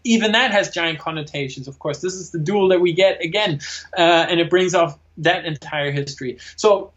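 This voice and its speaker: A man hosting a casual film discussion, retelling scenes with animated energy and acting out the lines. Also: on the high side, moderate pace. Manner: animated retelling, acts out quotes. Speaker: film reviewer and host. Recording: dull lo-fi sound.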